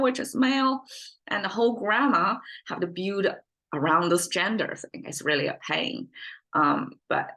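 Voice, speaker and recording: A woman's voice: medium pitch, fairly bright tone. A Chinese-born woman with a Chinese accent, a language teacher explaining her native tongue off the cuff, thinking aloud with frequent fillers and restarts. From China. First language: Mandarin Chinese. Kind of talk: unscripted explanatory lesson.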